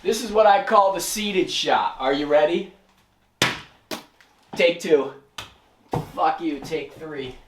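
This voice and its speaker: A man in his thirties talking casually to camera in a vlog, rambling and self-mocking with sudden loud outbursts. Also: on the high side, slow pace, long pauses, a little hiss or hum. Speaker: vlogger.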